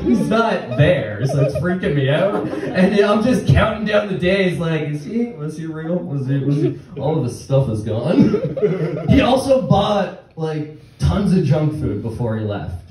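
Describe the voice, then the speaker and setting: A young man doing a rambling stand-up set with halting restarts and nervous laughs before a small live audience. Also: fairly high pitch, sing-song. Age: young adult. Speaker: stand-up comedian. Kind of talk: open-mic stand-up set. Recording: very echoey room, distant mic, faint noise.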